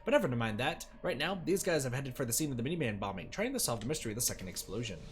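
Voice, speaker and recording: A man's voice: medium pitch, sing-song, racing, slight background noise. A man streaming a game, joking and chatting casually while reading the story aloud. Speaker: let's play streamer.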